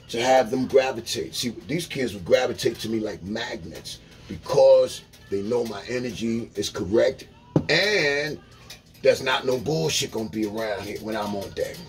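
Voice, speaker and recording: A man's voice: medium pitch, low-quality recording. A man ranting bluntly, swearing hard. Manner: blunt, preachy, swearing, repeating words for emphasis. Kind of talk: profane ranting monologue.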